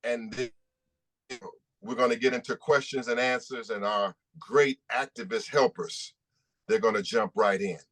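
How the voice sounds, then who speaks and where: A man's voice: medium pitch, a little slow, fairly bright tone. A man, an attorney hosting a press conference, speaking emphatically and repeating rhetorical questions.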